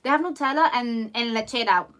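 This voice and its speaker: A young woman vlogger telling a story over lunch in a casual, animated way, full of "like" fillers and acted-out quotes. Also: fairly high pitch, fairly quick, a little hiss or hum.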